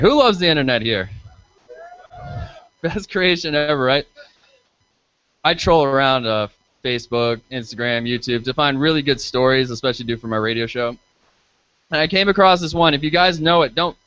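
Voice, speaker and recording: A man's voice: medium pitch, a bit bright, clean tone, no room sound. Profane stand-up man, dry lo-fi sound. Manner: crude, profane, self-deprecating banter with the crowd. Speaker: stand-up comedian and radio show host. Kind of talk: live stand-up set. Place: bar stage in front of a live crowd. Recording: dull lo-fi live stream audio.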